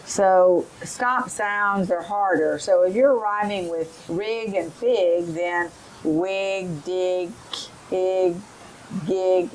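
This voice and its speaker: A middle-aged woman giving a teacher training lesson, explaining in a slow, careful way and modelling rhyming drills for children. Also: lowish voice, slight background noise, poor audio.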